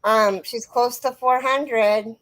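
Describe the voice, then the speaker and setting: A woman's voice: a little high, steady tone, slow pace, rough recording. A middle-aged woman hosting a live crochet stream, chatting casually and answering viewers by name in a rambling, friendly way. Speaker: crochet livestream host. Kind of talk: casual live chat reading comments.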